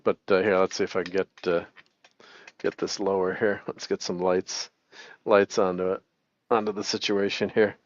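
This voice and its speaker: A middle-aged man hosts a loose, rambling home live stream, chuckling and laughing again and again. His low voice is flat and moderately paced, and the recording sounds dry and a little dull, with no room echo.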